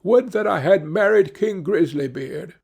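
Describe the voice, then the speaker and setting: A man's voice: high-pitched, expressive, unhurried, vocal fry, a little mellow, husky, voice pushed up, exaggerated voice. A man voicing a haughty, scornful princess. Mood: lamenting.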